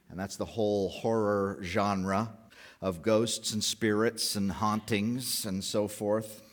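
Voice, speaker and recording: A male pastor giving a conversational sermon, often posing rhetorical questions to the congregation. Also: lowish voice.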